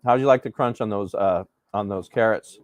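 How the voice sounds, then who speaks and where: A man casually chatting while hosting a live breakfast cooking stream, rambling and relaxed with plenty of fillers. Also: lowish voice, moderate pace, no echo. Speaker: host.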